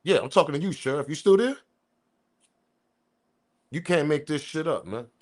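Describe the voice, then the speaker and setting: A man's voice: on the high side, fast talker. Emphatic profane male commentator. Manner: profane, emphatic, loud outbursts. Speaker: commentary channel host. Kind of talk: ranting news commentary.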